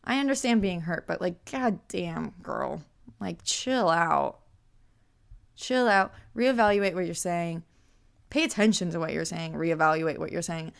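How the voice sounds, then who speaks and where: A young woman hosting a podcast, telling a story in a casual, animated way with lots of "like" and incredulous asides. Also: lowish voice, normal speed, creaky. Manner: animated, incredulous, heavy use of "like". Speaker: podcast host.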